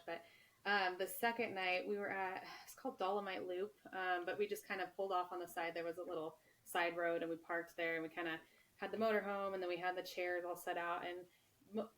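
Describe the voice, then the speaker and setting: A woman's voice: on the low side, fairly bright tone, rough recording. A young adult woman, a book author and guest on a podcast, telling stories in a chatty way and laughing often. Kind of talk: casual podcast interview.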